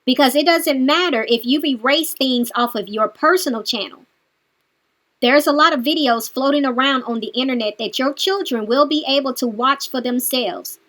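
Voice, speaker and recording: A woman with a high voice delivers reaction commentary, lecturing and mocking the person she addresses. Her tone stays cutting and sarcastic throughout. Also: moderate pace, a bit bright. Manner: scolding, sarcastic, talks straight to the subject.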